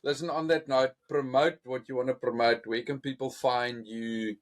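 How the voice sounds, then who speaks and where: A man's voice: medium pitch, fairly even intonation, moderate pace. A man hosting a casual podcast, bantering and swearing casually. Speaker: podcast host.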